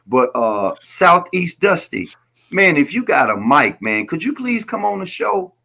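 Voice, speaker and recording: A man's voice: on the high side, very animated, unhurried, creaky, pushed and bright. A man speaking as a guest on a casual political call-in show, emphatic and rambling, lecturing his listeners.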